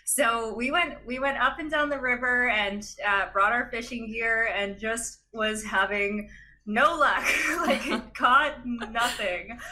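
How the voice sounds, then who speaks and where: Young woman, podcast guest; lively casual storyteller, bright and sharp tone. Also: a little high, takes it slowly, a little hiss or hum. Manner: animated, chatty, frequent laughs and fillers.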